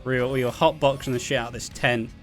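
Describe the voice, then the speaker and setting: A man's voice: medium pitch, steady tone, quick pace, soft background music. A young man with a Welsh accent telling rambling, sweary anecdotes, laughing as he goes. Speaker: vlogger. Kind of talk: casual storytelling.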